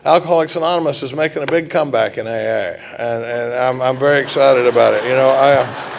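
A man's voice: medium pitch, fast talker, vocal fry, background noise. A middle-aged man from Texas, giving a folksy, joking talk to a recovery group with many halts and restarts. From Dallas, Texas. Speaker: recovery meeting speaker.

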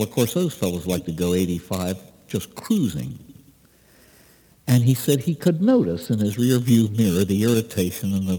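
Priest guy telling a story in a sermon, warm mellow voice, goes up and down a lot, echoey hall. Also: slightly rough. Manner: folksy storytelling, acting out dialogue with rising pitch. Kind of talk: sermon with a told anecdote. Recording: long reverb of a large hall.

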